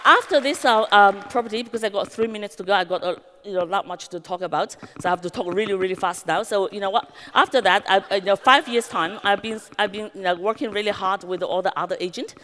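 A woman with a Chinese accent tells her business story from a conference stage at a middling pitch. She keeps the anecdotes lively, acts out quotes and scatters "you know" throughout. Her voice rings with the long reverb of a big hall. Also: slight background noise. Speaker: real estate agency founder giving a conference speech.

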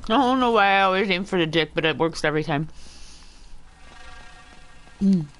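A woman's voice: fairly low pitch, expressive, quick pace, fairly bright tone, faint music behind. Foul-mouthed woman gaming streamer. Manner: profane, short-tempered trash talk at the game; talks while chewing food. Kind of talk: casual let's-play commentary.

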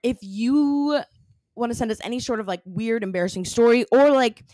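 A woman's voice: moderate pace, mellow, no echo. Young female podcast co-host, casual and bubbly, dry booth sound. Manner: chatty, lots of fillers, bubbly swings in pitch. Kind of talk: casual chat.

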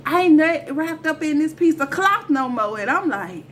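Animated woman telling a story. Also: high-pitched, moderate pace. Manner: animated, slangy storytelling addressing viewers. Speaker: storyteller vlogger. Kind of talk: casual storytime vlog.

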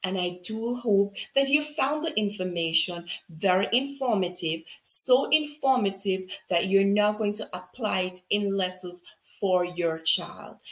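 A woman teaching reading with phonics, speaking slowly and clearly in an encouraging way. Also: mid-range voice, reverberant. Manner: slow, enunciated, encouraging. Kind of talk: phonics tutorial for parents.

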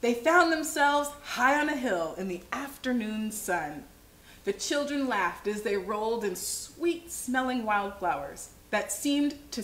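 Woman reading a kids story slowly and expressively, roomy echo. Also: fairly high pitch, a bit bright. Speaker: children's show host. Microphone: livestream. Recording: echoey room.

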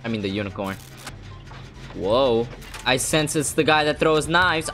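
A hyper, excitable young man giving gameplay commentary as a streamer and swearing often. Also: medium pitch, moderate pace, pauses often, music in the background. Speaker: gaming streamer.

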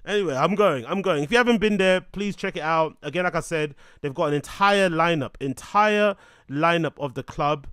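A man hosts a show in casual, animated commentary. He jokes and swears freely. His voice is slightly high and smooth, and it sounds dry and close. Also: moderate pace, dry recording. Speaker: show host.

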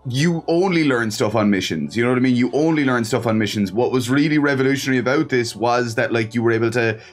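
A man's voice: medium pitch, fast talker. Eager male host, voice worn by illness. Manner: eager, enthusiastic fan. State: sick, voice off. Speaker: podcast host and interviewer. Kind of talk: casual interview chat.

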